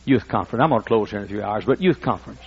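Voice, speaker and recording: A man in his sixties preaching a sermon, emphatic and repetitive as he builds toward shouting. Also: on the low side, lively intonation, racing, husky, muffled recording. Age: 60s. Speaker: pastor.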